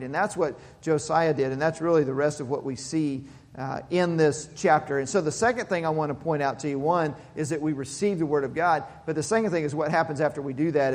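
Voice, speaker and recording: A man's voice: on the high side, brisk. A man preaching a sermon as pastor, earnest, often repeating words as he builds a point. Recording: long hall reverb.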